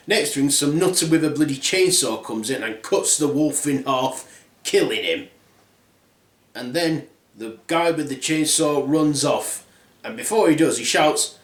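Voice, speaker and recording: Casual man telling a crude fairy tale. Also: fairly high pitch. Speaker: storyteller. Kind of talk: comic storytelling. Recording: roomy echo.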